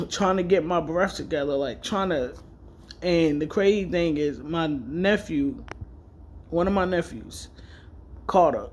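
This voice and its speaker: A man's voice: a little high, a little mellow. A man vlogging, telling a personal story candidly and emotionally, rambling and correcting himself as he goes. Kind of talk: casual personal storytelling vlog.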